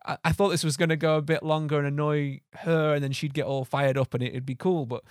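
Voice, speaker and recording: A man's voice: a little high, little pitch movement, smooth, no echo. Chatty young man, dry mic. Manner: rambling, filler-heavy, quick to laugh. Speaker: podcast co-host. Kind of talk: casual film chat.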